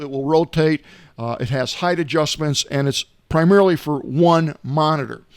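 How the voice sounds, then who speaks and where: Middle-aged man, tech show host, rambling folksy delivery, slightly high voice, dry close sound. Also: no room sound. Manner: rambling, folksy, many filler uhs. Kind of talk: casual tech gadget talk. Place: home, not in the studio.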